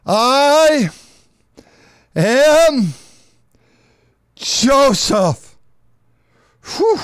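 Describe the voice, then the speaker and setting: Emphatic preacher man with a high voice. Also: no echo, clean studio sound. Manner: emphatic, repeating words and phrases; swings from loud outbursts to hushed tones. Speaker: pastor. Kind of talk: sermon reading scripture.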